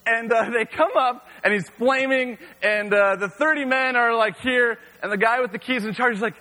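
A man's voice: very high voice, fairly even intonation, moderate pace, hardly any pauses, sharp tone. A man preaching as a youth pastor, telling stories in a casual, filler-laden way. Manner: casual storytelling with frequent fillers. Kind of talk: sermon. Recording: long reverb of a hall.

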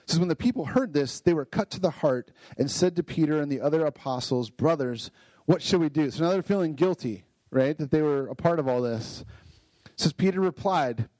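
An enthusiastic man gives a casual Bible lesson in a slightly high voice, tossing in "right?" as he goes. The sound is dry and close, with no room echo at all. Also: warm tone. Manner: enthusiastic, frequent "right?" tag questions.

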